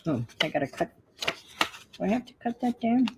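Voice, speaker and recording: A woman's voice: mid-range voice, very animated, moderate pace, background noise. An older woman hosting a crafting livestream, chatting casually and muttering to herself as she works. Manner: talks to herself while working, muttering asides.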